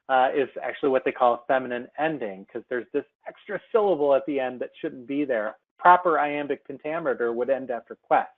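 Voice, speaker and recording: A man presenting a software seminar by screen share, talking through it casually with many ums and restarts. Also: mid-range voice, fairly quick, hardly any pauses. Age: adult. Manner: chatty, many fillers and restarts. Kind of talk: screen-share webinar demo. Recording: tinny phone-like webinar audio.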